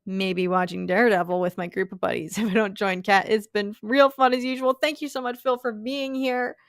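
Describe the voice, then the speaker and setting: In a clean, echo-free studio recording, a young woman hosts a casual livestream, gushing over her viewers, thanking them, and rambling with plenty of fillers and laughter. Her mid-range voice stays fairly even in intonation, and she speaks fairly quickly.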